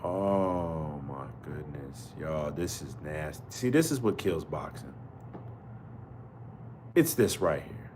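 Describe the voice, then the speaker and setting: A man's voice: very deep voice, animated, takes it slowly, noisy background. A man hosting a live boxing podcast chat, outraged and slangy, repeating his exclamations. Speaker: podcast host. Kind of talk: live fight commentary chat.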